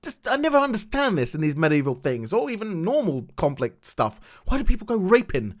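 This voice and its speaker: A man giving a rambling, animated review of a TV episode, repeating himself when indignant. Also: high voice, a little fast. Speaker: show reviewer.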